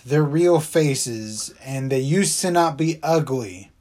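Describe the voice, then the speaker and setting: Slightly high-voiced man recapping a film. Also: lively intonation, darkish tone. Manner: laughs easily, quick agreeing interjections. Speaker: podcast co-host recapping a film. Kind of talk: casual chat.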